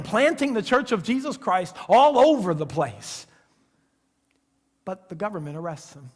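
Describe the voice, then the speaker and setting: A man with a high voice preaching to his congregation in a church sanctuary. He tells the story casually, dropping to near-whispers and then rising to loud, excited passages, with a long echo from the hall. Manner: conversational storytelling, acts out voices with big swings from hushed to loud. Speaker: pastor. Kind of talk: sermon.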